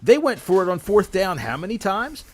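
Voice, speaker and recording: A man's voice: high-pitched, moderate pace. A man hosting a casual sports podcast, joking around and riffing on mock ad copy. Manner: animated, jokey, reads mock ad copy. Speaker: podcast host.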